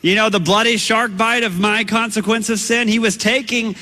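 A man preaching a storytelling sermon, animated and acting out his own shouts. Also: high voice, normal speed, big-room sound.

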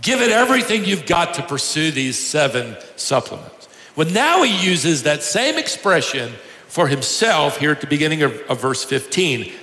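A man's voice: on the high side, sing-song, moderate pace, bright, forceful tone. A man preaching a sermon, telling humorous stories and chuckling at his own jokes. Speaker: pastor. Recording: echoey hall, faint noise.

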